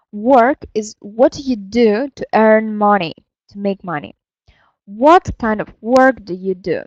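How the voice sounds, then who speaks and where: A woman teaching an English grammar lesson, explaining slowly and carefully with fillers and self-corrections. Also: mid-range voice, no room sound, muffled recording. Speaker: language teacher.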